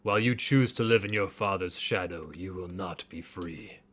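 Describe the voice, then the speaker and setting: A man reading a game's dialogue aloud, voicing a stern spectral elder with slow, solemn, weighty delivery and a husky tone. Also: sits low, fairly bright tone.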